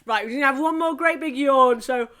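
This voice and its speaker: A cheerful, chatty Scottish woman with a voice that sits high leads an online singing group through vocal and face warm-ups, laughing at herself along the way.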